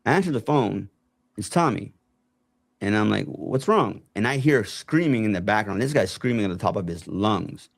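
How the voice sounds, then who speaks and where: A man's voice: on the low side, moderate pace, creaky, dry recording. A man casually telling a long personal story, acting out what other people said along the way. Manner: animated retelling, acts out other people's lines. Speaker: guest telling his story.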